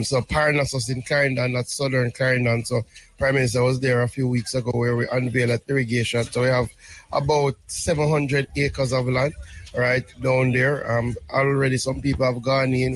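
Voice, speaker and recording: A man's voice: medium pitch, level tone, brisk, a little hiss or hum. A man, a government minister explaining policy patiently in an interview, often checking in with "right?". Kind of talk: interview answers.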